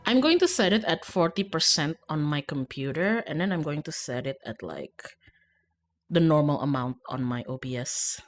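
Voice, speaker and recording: Chatty young woman streamer, lively pitch. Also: normal speed, soft background music. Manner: chatty, rambling, laughs often. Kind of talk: casual live-stream chat while gaming.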